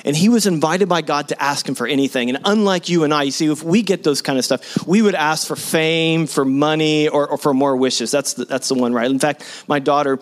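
Male pastor, forties, slightly high-pitched, lively conversational sermon with call-and-response. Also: a little fast, hardly any pauses. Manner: animated, leads the congregation in call-and-response; conversational, with many restarts and asides.

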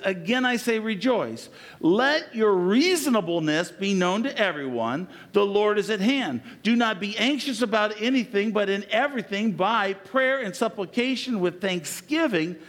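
A middle-aged male pastor preaching a sermon in a fairly high voice that swings widely in pitch. He drives his points home with emphasis, then sinks into hushed, low, personal moments. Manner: emphatic preaching that drops to soft, low, intimate passages.

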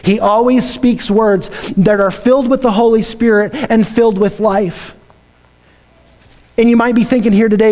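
A male pastor preaching a dramatic sermon, swinging from hushed lines to shouted ones. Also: high-pitched, fairly even intonation, normal speed, long reverb tail.

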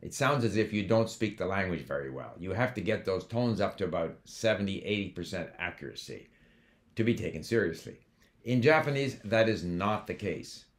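A man's voice: deep voice, animated, normal speed. An older man from Canada talking casually about learning languages, wandering off on digressions and stopping to correct himself. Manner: conversational, digressive, with fillers and self-corrections. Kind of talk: casual monologue.

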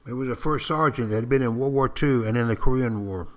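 An older former Marine tells a story in a folksy, unhurried way. He pauses for effect and speaks directly to his listeners in a middle-pitched voice.

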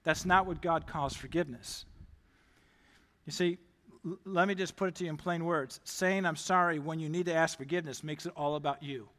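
A male pastor preaching a sermon, talking emphatically and climbing louder on key points. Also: fairly high pitch, steady tone, moderate pace. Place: church. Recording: long hall reverb.

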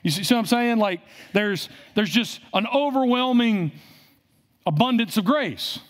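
Lively high-voiced preacher. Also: male voice, measured pace. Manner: asks the congregation questions, repeats phrases for emphasis. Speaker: pastor. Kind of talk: sermon.

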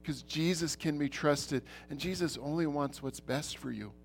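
A middle-aged man preaching a church sermon, earnest, repeating himself, swinging between loud and soft. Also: fairly high pitch, moderate pace, gravelly, a little hiss or hum. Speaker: pastor.

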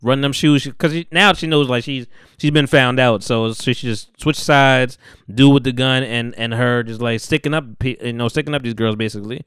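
Young man, podcast host, laid-back slangy recap, smooth resonant voice, dry close sound. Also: medium pitch, fairly even intonation, normal speed, fairly bright tone, no room sound. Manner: slangy, laid-back, acts out characters' lines. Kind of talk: casual chat, recapping a TV episode.

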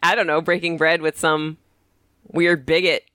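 A middle-aged woman guest telling stories in a wry, animated way in a casual interview. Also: deep voice, moderate pace, smooth, dry recording, clean studio sound. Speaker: podcast guest.

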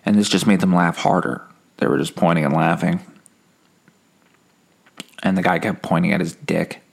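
A man hosting a comedy podcast, telling a rambling, deadpan monologue full of self-corrections and dark punchlines. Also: deep voice, normal speed, creaky. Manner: escalates mundane stories into dark punchlines. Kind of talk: absurdist comic monologue.

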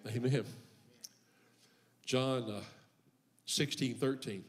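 A male pastor preaches in church, and his voice sits somewhat high for a man. He tells humorous stories from his own life, then drives his refrains upward with mounting fervor. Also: very animated, normal speed, pauses often. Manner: impassioned preaching that builds in pitch and force on repeated refrains. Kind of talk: sermon.

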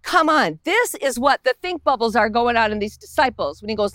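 A woman pastor preaching in a casual, conversational way, slipping into the voices of the people in the story. Her voice sits high, and the sound is close and dry, with little echo around it. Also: expressive, fairly quick, a bit bright. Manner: conversational, acts out the Bible characters' lines. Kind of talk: sermon. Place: outdoors in a park.

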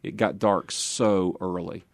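An older man, a pastor, telling stories of his ministry in an interview, earnest and quick to laugh. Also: deep voice, steady tone, no room sound. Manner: earnest storytelling with easy laughs. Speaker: pastor and guest.

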